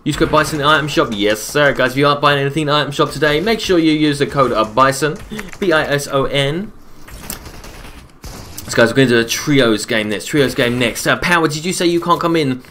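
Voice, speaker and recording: A man streaming a game live, chatting casually, reading viewers' messages aloud and answering them between quick calls about the play. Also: a little high, slight background noise. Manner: relaxed, chatty, repeats his own phrases. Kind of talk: casual live-stream commentary while gaming.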